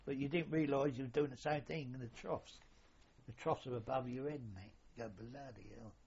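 Older man, husky, plain middle pitch, rambling chatty storyteller, dull lo-fi recording. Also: steady tone, brisk, darkish tone. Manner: rambling, colloquial, mild swearing. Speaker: interviewee, former royal yacht sailor. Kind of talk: casual reminiscing.

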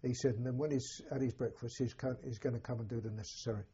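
An older English man, a war veteran, telling an oral history in a halting, plain-spoken way with a husky voice. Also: mid-range voice, steady tone, warm tone, dull audio, a little hiss or hum. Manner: halting, plain-spoken storytelling with many restarts. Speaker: war veteran recounting memories.

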